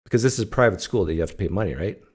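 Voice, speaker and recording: A man's voice: sits low, very fast, darkish tone, husky. A man from Canada hosting a casual livestream, telling stories in a joking, teasing way. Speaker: host.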